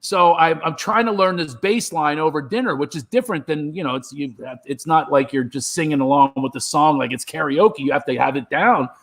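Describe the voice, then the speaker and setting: A man with a fairly high-pitched voice, telling a story the way a stand-up comic would. He is animated and jumps into the voices of the people in his story, and he is talking over a remote video call. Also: fairly quick, hardly any pauses. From Philadelphia. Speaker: comedian guest. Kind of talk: storytelling chat.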